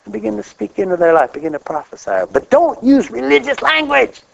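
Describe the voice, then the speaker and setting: A man preaching a sermon in a folksy, animated way, laughing often and rising on exclamations. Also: high voice, fairly quick, creaky. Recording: dull lo-fi recording.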